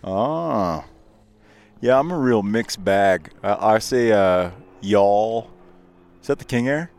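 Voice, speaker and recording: A man's voice: lowish voice, animated, slow pace, darkish tone. A man hosting a podcast in casual chat, joking and laughing often, recorded outdoors near an airstrip. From United States. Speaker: podcast host.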